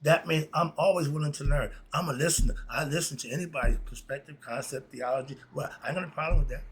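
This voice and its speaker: A man's voice: a little high, fast talker, fairly bright tone, breathy edge. A man casually reading a list of moral principles and commenting in a laid-back, chuckling way, with loose slang. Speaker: host.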